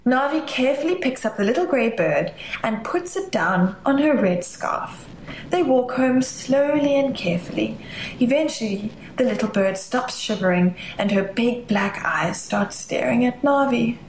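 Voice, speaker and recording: A woman reads a children's story in a gentle, expressive way. Her voice sits slightly high and moves a lot, at an unhurried pace. There is a roomy echo and faint ambience behind her. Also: slight background noise. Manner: gentle, expressive, with hushed asides.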